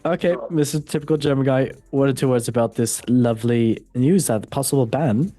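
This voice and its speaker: A man's voice: mid-range voice, fairly quick, mellow, dry recording. A man hosting a casual football podcast, playful and goofy, joking at his own expense. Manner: goofy, playful, self-mocking. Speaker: host.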